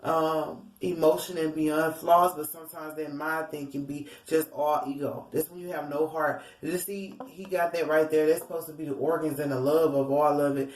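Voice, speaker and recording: A woman's voice: low-pitched, little pitch movement, normal speed, few pauses, darkish tone. A woman giving a casual tarot reading to her viewers, rambling and theatrical, often calling them y'all. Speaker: tarot reader. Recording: roomy echo, distant from mic.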